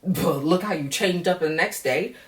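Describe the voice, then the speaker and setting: A woman's voice: fairly low pitch, moderate pace, distant mic. A woman giving a frank, chatty recap of a reality show on her vlog, swearing freely. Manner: frank, chatty, with heavy profanity.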